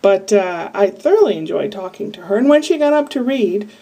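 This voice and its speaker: A woman's voice: mid-range voice, lively intonation, a little fast, mellow. A woman from Iowa talking to camera in a casual, rambling, candid diary-style monologue full of asides. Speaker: vlogger. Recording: voice a bit far from the mic.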